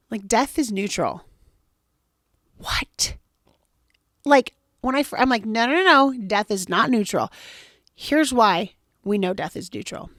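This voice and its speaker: Animated woman podcast host. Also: on the high side, dry recording, clean studio sound. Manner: animated, acts out quoted voices. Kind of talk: motivational podcast talk.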